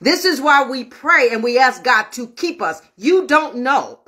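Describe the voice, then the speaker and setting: Woman preacher, high bright voice, repeats stuff for emphasis, talks right to the viewers. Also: expressive, slow pace. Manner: emphatic, repetitive preaching, addresses viewers directly. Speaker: minister and host of an online prayer show. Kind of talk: online sermon.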